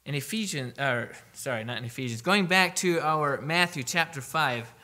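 A man preaching a sermon, emphatic, slowing down to read scripture aloud. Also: on the high side, animated, sharp tone.

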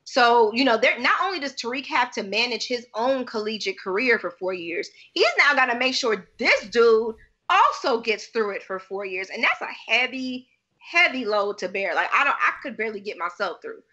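A woman's voice: a little high, very animated, normal speed, pushed and bright, muffled recording. A young adult woman co-hosting a podcast, chatting casually in an emphatic, slangy way. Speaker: podcast co-host. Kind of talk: casual chat.

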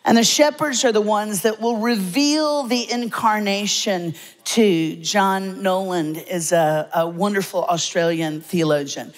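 Lively woman preaching, hall reverb. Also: mid-range voice. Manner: lively, humorous storytelling with dramatic pauses. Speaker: guest preacher. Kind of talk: sermon. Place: church sanctuary.

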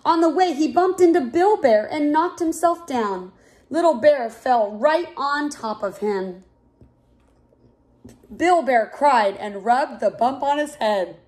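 A woman reading a children's picture book aloud in a clear, expressive way. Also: high voice, slow. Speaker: storyteller.

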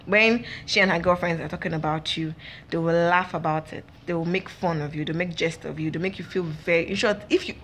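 Young woman gossiping to her viewers, kinda low voice, lots of um and like. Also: steady tone, brisk, a bit bright, slight background noise. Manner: chatty, gossipy, full of fillers and laughs. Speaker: vlog host. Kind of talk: casual chat to camera.

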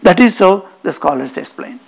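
A monk lecturing, his voice pitched high with a gravelly, husky grain. He tells the story emphatically and keeps folding Sanskrit terms into plain explanation. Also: lively intonation, moderate pace. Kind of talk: spiritual lecture. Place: auditorium.

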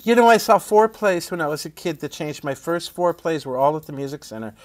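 A man's voice: a little high, fairly quick, no room sound. A middle-aged man, a playwright guest telling stories in casual conversation, laughing often and asking "right?". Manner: animated storyteller who laughs often and asks "right?".

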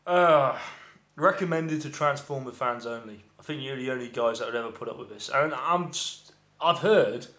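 A man's voice: medium pitch, normal speed, fairly bright tone. A man giving a rambling, profanity-laced film review, often exasperated. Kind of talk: casual ranting film review. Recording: echoey room.

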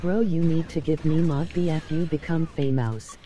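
A synthetic male text-to-speech voice reading out stream chat messages in a flat, robotic way. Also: a little high, moderate pace. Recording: noisy stream audio.

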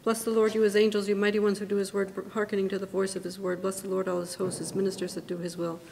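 A woman serving as liturgical reader, reciting psalms in a brisk, even manner at a church service. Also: medium pitch, vocal fry. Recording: long church reverb with faint background noise.

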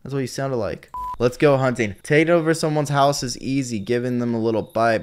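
Excitable young man streaming a game. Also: mid-range voice, fairly quick, few pauses, clear, resonant tone. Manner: excitable, swears a lot, yells when startled. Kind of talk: live-stream gaming commentary.

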